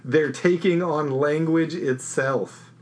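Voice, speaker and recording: A man's voice: on the high side, slow. A man co-hosting a casual movie chat, joking and reading bits of articles aloud. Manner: animated, reads articles aloud, jokey. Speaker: podcast co-host.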